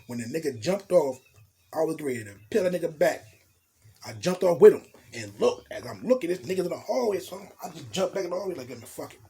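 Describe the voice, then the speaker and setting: Man, very husky voice, slightly high, profane street slang, animated storytelling. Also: quick pace. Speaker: storytelling vlogger. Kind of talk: casual storytime monologue.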